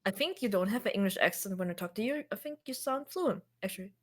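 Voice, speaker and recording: A woman's voice: medium pitch, expressive, fast. A woman with a German accent, chatting casually on a stream and reassuring her friend. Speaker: guest streamer. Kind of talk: casual chat on a livestream.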